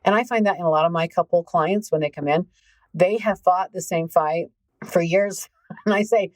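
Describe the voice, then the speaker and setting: A woman hosting a podcast as a coach, talking in an animated, emphatic way straight to her listeners. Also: lowish voice, moderate pace, no echo, low-quality recording. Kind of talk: conversational podcast monologue.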